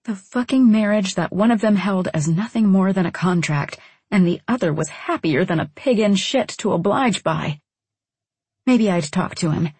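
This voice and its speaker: A woman's voice: mid-range voice, normal speed, darkish tone, breathy edge, no room sound. A woman narrating a first-person novel in a wry, introspective manner. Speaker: audiobook narrator.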